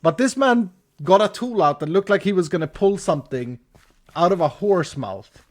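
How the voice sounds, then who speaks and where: His voice sits high and keeps a moderate pace as he games live and spins an animated story in English. The speaker is a Swede in his thirties who often restarts and breaks into laughter.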